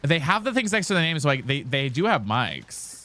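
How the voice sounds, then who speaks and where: Man streaming a game, casual chatty talk, lively swooping pitch. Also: a little fast. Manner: chatty, swears, calls the audience girl and guys; repeatedly asks teammates for mics. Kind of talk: casual live-stream chat while gaming.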